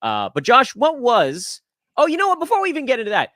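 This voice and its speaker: A man hosting a podcast in casual chat, animated, laughing easily and poking fun at himself. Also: very high-pitched, quick pace, no room sound, studio quality. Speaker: podcast host.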